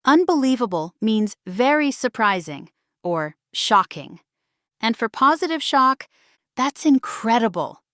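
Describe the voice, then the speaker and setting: A woman teaching a scripted English speaking lesson, saying each phrase slowly and then saying it again for the listener to shadow. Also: fairly high pitch, sing-song, fairly bright tone, no echo, studio quality.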